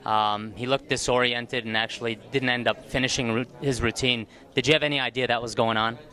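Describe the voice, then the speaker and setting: A man's voice: medium pitch, fairly even intonation, brisk, sharp tone. A man interviewing athletes after a competition, upbeat and playful in his questions. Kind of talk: post-competition sports interview. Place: competition arena.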